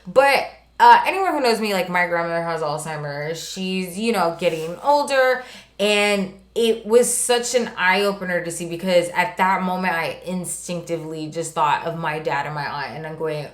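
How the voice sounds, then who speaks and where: A woman co-hosting a podcast, telling stories in a lively, casual way with lots of fillers and some swearing. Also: lowish voice, normal speed. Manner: animated storyteller, swearing, many "like" fillers. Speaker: podcast co-host. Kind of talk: casual chat. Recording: roomy echo.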